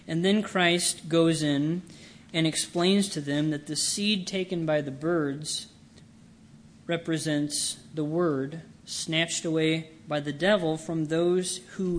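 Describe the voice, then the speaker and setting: A man preaching a sermon, reading scripture and explaining it with slow, earnest emphasis. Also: on the high side, a little hiss or hum.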